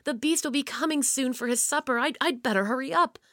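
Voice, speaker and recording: Woman doing a little boy, storybook, high voice, breathless, pleading, dry close sound. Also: a little fast, a bit bright, no echo. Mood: frightened. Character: small frightened child, pastry cook's son. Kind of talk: storybook reading.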